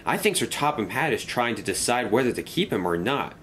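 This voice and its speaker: A man voicing a kind, wise male engine who speaks gently and reasonably. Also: medium pitch, big pitch swings, brisk, slight background noise, pitched above the performer's own voice.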